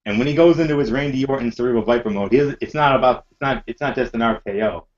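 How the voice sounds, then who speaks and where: A man hosting a wrestling podcast, chatting casually with energetic, repetitive banter. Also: mid-range voice, fast, muffled recording.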